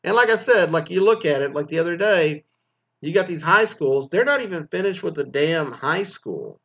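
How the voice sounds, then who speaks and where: A man's voice: on the high side, expressive, normal speed, a bit bright. A middle-aged man from Texas, a former teacher, ranting with heavy profanity and sarcasm in a casual monologue. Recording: slightly dull lo-fi sound.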